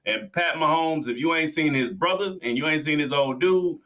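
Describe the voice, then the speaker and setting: Man, co-host, bright, forward voice, relaxed slangy delivery. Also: fairly high pitch, moderate pace. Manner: laid-back, slangy, storytelling. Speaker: podcast co-host. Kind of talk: casual sports talk.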